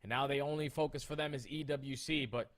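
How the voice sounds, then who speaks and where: Male esports caster, excitable and slangy, mid-pitched voice. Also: brisk. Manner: hyped, enthusiastic, casual slang. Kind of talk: esports desk commentary.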